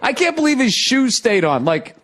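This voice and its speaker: A man's voice: extremely high pitch, big pitch swings, normal speed, a bit bright. A man hosting a podcast, telling a story in casual chat, laughing through it, swearing freely and acting out the sounds. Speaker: podcast host.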